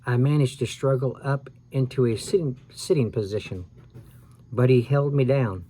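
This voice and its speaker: Male storyteller, mid-pitched voice, expressive read-aloud of a spooky kids' book, small self-corrections. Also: moderate pace. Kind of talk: dramatic read-aloud of a scary children's story.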